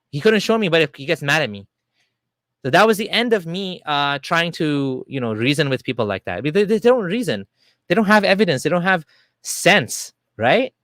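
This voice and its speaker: A man giving a casual, argumentative monologue to camera, animated and full of fillers and restarts. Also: fairly high pitch, no room sound. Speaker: video creator.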